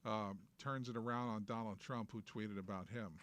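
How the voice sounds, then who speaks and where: A man with a New York accent hosts a political talk show, launching into opinionated rants that are sarcastic and emphatic. His voice is lowish and fairly bright, with a steady tone at a normal speed.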